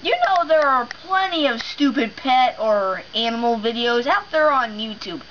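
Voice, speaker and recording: A woman's voice: a little high, expressive, moderate pace, fairly bright tone. A woman introducing a video clip in a playful, chatty way. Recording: muffled lo-fi audio with faint hiss.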